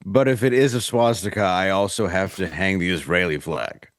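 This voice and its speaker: A man co-hosting a podcast as a comedian, trading deadpan self-mocking jokes. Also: deep voice, moderate pace, a little hiss or hum. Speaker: comedian co-host.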